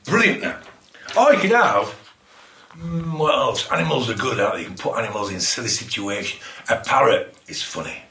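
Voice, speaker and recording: A children's poet with a bright, forceful, medium-pitched voice leads a lively, playful poetry workshop for kids in an echoey room, exclaiming and laughing as he offers tips.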